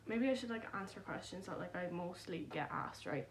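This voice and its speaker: A woman's voice: fairly low pitch, animated, a little fast, slight background noise. Chatty young woman vlogging at home. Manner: chatty, rambling, self-deprecating. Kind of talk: casual vlog chat. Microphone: phone camera.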